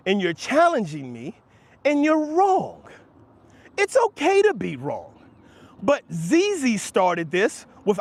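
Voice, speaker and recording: A man hosting a livestream, talking heatedly and emphatically to his chat, calling chatters by name and laughing off their replies while he argues about money. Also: husky. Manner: emphatic, argumentative, rising in pitch when making points. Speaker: livestream host answering chat. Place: outdoors near passersby.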